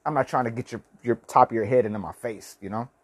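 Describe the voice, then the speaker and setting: Forties guy vlogger, swears a lot, stumbles and restarts, mid pitch. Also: fast, slightly rough. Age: 40s. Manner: rambling, profane, lots of restarts. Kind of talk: casual storytelling vlog.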